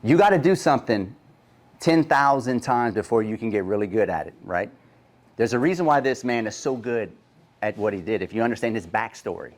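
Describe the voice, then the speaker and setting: A man with a deep Southern accent giving a brash, profane seminar talk, throwing rhetorical questions at a live audience. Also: expressive, brisk. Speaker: guest speaker. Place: conference room with live audience.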